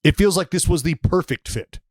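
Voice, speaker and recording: A man's voice: a little high, a little fast, dry recording, clean studio sound. A man co-hosting a sports podcast in casual chat, wisecracking and teasing. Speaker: podcast co-host.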